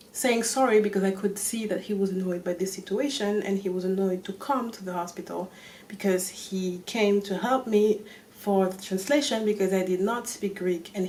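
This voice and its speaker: A woman with a French accent, a native French speaker, telling a story on her vlog in an animated way and swearing often. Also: mid-range voice. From France. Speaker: vlogger.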